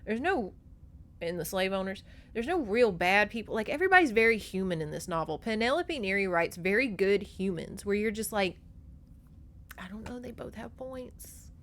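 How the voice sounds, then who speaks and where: A woman's voice: medium pitch, fairly quick. A woman podcast host recapping a novel in a casual, gossipy way, swearing freely and slipping into the characters' voices. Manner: animated, profane, gossipy storytelling. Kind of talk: casual book recap with acted-out dialogue.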